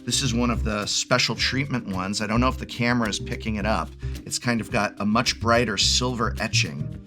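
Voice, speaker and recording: A man's voice: fairly low pitch, brisk, over music. A man in his forties talking casually and enthusiastically as a card game video host, rambling and often restarting his sentences. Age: 40s. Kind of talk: excited unboxing chat.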